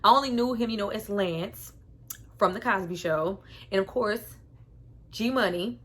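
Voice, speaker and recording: A woman hosting a casual film review vlog, talking in an animated, slangy way and laughing between remarks. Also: medium pitch, normal speed.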